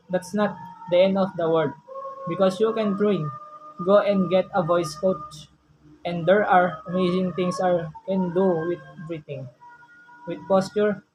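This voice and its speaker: A speaker giving an enthusiastic, chatty presentation on the speaking voice, shifting register and pitch to demonstrate examples. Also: darkish tone, low-quality recording. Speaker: speaker on voice use.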